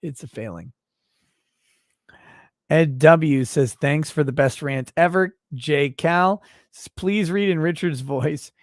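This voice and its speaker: A man's voice: fairly high pitch, takes it slowly, no echo, clean studio sound. A middle-aged man hosting a casual late-night livestream, reading viewer messages aloud with loose, profane joking.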